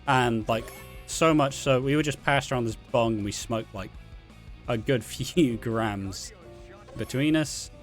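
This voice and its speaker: A man's voice: mid-range voice, unhurried, soft background music. A young man with a Welsh accent telling rambling, sweary anecdotes, laughing as he goes. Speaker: vlogger. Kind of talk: casual storytelling.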